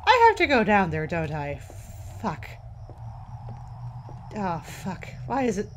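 A let's play gamer commentates a horror game as she plays, sounding a little tired, jumpy and sweary while joking to herself. Her mid-range voice swoops wildly in pitch at a slow pace, with slight background noise.

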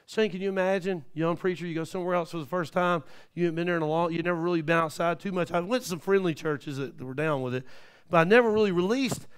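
A man in his fifties preaching a live church sermon, telling stories in a folksy way with many amens. He swings from quiet asides to shouted peaks. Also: on the high side, clean tone. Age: 50s. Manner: folksy, with frequent amens and praise the lord.

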